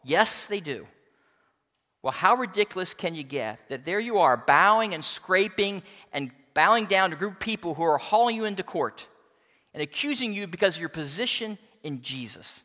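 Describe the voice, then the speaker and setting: Male preacher, sermon, high animated voice, bright tone, reverberant hall. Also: moderate pace. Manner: expressive preaching, emphatic, reads scripture aloud. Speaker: pastor.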